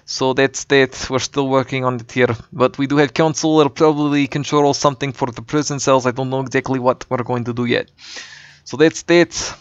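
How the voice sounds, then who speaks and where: A man's voice: mid-range voice, fairly even intonation, moderate pace, no echo. Man in a put-on Russian accent. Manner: rambling, hesitant, with ums and dropped words. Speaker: map maker. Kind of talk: casual game map walkthrough. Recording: dull, dry lo-fi mic.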